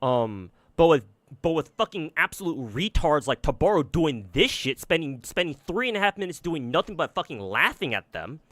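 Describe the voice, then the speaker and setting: A man's voice: a little high, sing-song, moderate pace, a bit bright, no room sound. A man streaming and giving casual commentary on games, rambling and swearing a lot, with many fillers and restarts. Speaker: gacha game streamer.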